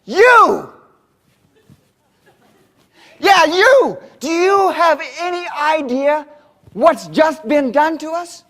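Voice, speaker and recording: A man acting out an angry rural worker who shouts indignantly from the back of a room. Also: sits high, normal speed, close to an everyday voice. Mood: furious. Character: furious middle-aged male rural worker shouting.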